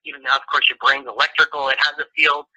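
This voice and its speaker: A man's voice: mid-range voice, flat delivery, fast, bright, forceful tone, husky, low-quality recording. A man as a guest in an interview, talking casually and rambling with many restarts.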